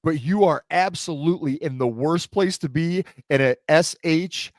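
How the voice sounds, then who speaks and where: A middle-aged man hosting a podcast in casual chat, an animated storyteller who acts out the people he quotes. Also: fairly high pitch, normal speed, no room sound, clean studio sound. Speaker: podcast host.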